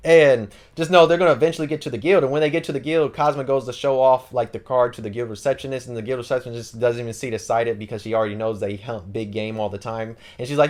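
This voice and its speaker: Fast-talking man recapping anime. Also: mid-range voice. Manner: rambling, slangy, lots of fillers. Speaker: anime channel host. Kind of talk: casual anime plot recap.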